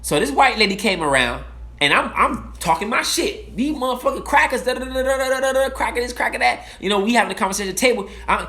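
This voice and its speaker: A man giving an impassioned, profane talk, blunt and emphatic, swinging from loud outbursts to low, slow asides. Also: animated. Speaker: speaker giving a timed talk. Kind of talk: impassioned monologue.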